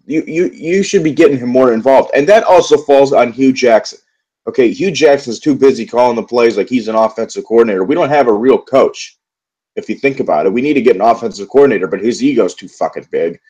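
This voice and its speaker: A man's voice: mid-range voice, a little fast, mellow, husky, poor audio. A young man in a solo football recap vlog, frustrated and profane, rambling with many fillers and restarts. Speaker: sports vlogger. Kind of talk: angry solo football rant.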